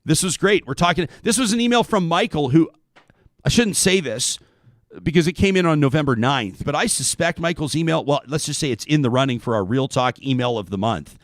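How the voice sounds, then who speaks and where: A man hosting a talk show, chatting casually and reading listener emails aloud in an animated way. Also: on the high side, fairly quick, no room sound, clean studio sound. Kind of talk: radio talk show monologue.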